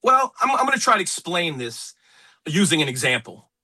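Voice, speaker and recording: Man, radio host, opinionated, animated, very expressive pitch, bright tone. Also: slightly rough. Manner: animated, emphatic, quick asides. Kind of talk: opinionated sports and politics talk radio. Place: radio studio.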